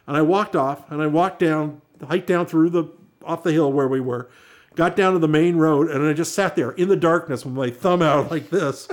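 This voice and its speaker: In casual conversation, a man tells a story in a fairly high voice at a moderate pace. He's animated and acts out the voices of the people he quotes.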